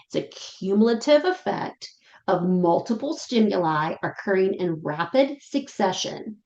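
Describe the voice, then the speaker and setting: A woman who trains dogs, giving a casual lesson to pet sitters in a chatty way and acting out dogs and sitters in quick voices. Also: mid-range voice, a little mellow. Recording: echoey room, dull lo-fi sound.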